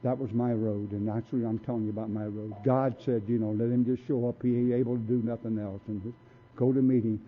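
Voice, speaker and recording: A man's fairly quick, flat, mid-range voice carries his personal story at a recovery meeting with few pauses. He talks in a blunt, streetwise manner and acts out what others said. The sound quality is tinny, like a phone recording.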